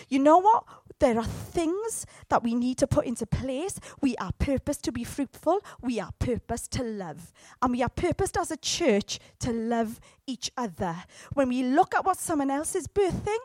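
A woman preaching a sermon in a lively, chatty way, with joking asides and sudden loud bursts. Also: high voice, normal speed, dry recording.

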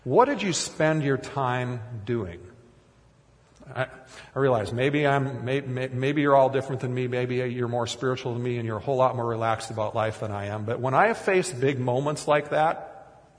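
The sound of a big room surrounds a Minnesota man's medium-pitched voice as he preaches at a normal pace in a church sanctuary. He's a pastor whose sermon is chatty and self-deprecating, full of restarts and side comments.

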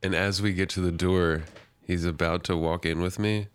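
A man's voice: deep voice, fairly even intonation, moderate pace, a little hiss or hum. A man co-hosting a podcast in crude casual chat, laughing often at his own stories. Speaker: podcast co-host.

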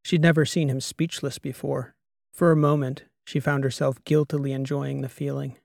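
A man narrating a science fiction audiobook in a steady, even storytelling manner. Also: medium pitch, normal speed, creaky, no echo, studio quality. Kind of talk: scripted narration.

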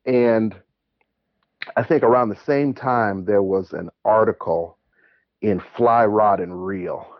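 The audio is muffled with no room sound, carrying a man's lowish voice. He's phoned in to a show and spins casual stories, lively, talkative and laughing easily.

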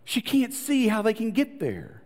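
A man preaches with a high, lively voice that climbs and falls as he tells the story. He acts out the people in it and drops to hushed, low lines for emphasis. His voice rings with the long reverb of a large hall. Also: moderate pace. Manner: animated storytelling, acting out quoted voices, dropping to soft low tones for emphasis. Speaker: pastor. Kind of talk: sermon.

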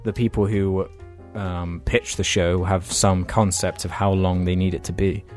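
A man's voice: low-pitched, flat delivery, unhurried, a little mellow, soft background music. A man hosting a podcast, reading out viewer questions and musing aloud with tag questions. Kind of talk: casual chat.

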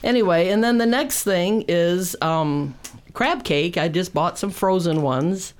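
Lady cook chatting loose and rambly about her dishes, lowish voice. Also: unhurried. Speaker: cook presenting food on a show. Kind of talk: casual chat.

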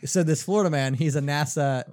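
A man's voice: fairly high pitch, brisk, darkish tone, no echo, clean studio sound. A man reading out strange news headlines as a quiz among friends, stumbling a little and laughing at them. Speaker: quiz game host. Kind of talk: casual chat among friends.

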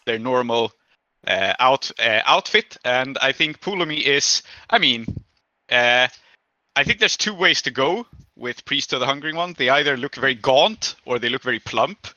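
A man's voice: medium pitch, animated, normal speed, pushed and bright, no room sound, muffled recording. A man narrating as game master of a tabletop game, casual and laughing, with many fillers.

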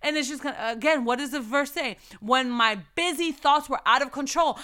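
A woman's voice: high voice, normal speed, few pauses, sharp tone. A woman giving a casual faith devotional talk, fervent and emphatic, repeating phrases for emphasis.

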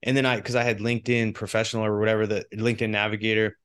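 Low-voiced Canadian man telling stories. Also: racing, clear, resonant tone. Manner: animated storytelling with frequent restarts. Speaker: podcast guest. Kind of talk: casual conversation.

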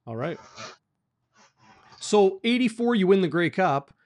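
A man's voice: high voice, very animated, a little slow, a little mellow, dry recording, clean studio sound. A man who hosts a sports show and asks long, winding interview questions. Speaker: sports reporter, host.

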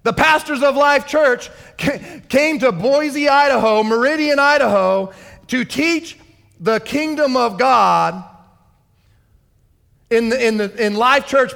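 Male pastor, excitable sermon, high voice, long reverb of a church hall. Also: creaky. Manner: excitable, fervent preaching.

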